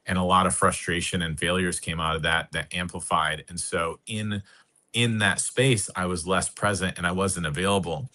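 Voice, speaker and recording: Low-voiced guy, bright forceful tone, slow earnest storytelling with long pauses. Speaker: podcast guest. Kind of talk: personal storytelling.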